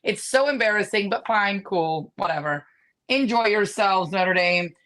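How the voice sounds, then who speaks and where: A woman's voice: mid-range voice, animated, a little slow, a bit bright. A woman co-hosting a sports podcast, ranting bluntly and mocking rival teams in casual chat. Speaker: podcast co-host.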